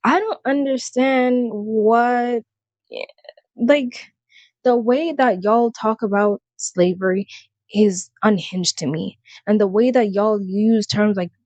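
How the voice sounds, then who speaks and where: A woman's voice: on the high side, slow pace, darkish tone, no echo, dull audio. A young woman giving a heated, sarcastic commentary rant to the camera, exasperated and blunt. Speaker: commentary vlogger.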